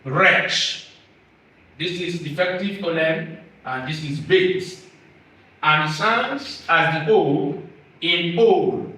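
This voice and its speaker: A man, a pastor, giving a lesson on Hebrew vowels, speaking deliberately and repeating each sound. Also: sits high, sharp tone. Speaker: pastor teaching biblical Hebrew. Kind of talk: classroom lesson. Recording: echoey room, distant from mic.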